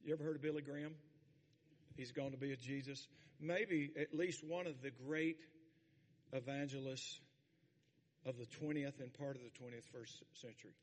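An older man preaching a sermon to his congregation, with folksy asides and sudden shouted peaks. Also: medium pitch, fairly even intonation, moderate pace, pauses often. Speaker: pastor. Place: church sanctuary. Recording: long hall reverb.

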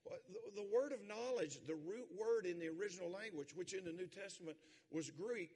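A man preaching a sermon as pastor, swinging from quiet talk to loud, emphatic preaching in a church sanctuary. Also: high voice, expressive, normal speed. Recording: long hall reverb.

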